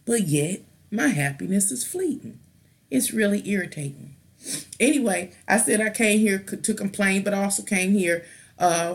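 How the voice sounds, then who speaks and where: A woman, a mother, hosting a live stream and ranting in a blunt, rambling way, irritated, with restarts and casual slang. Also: mid-range voice. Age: adult with children. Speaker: tarot live-stream host.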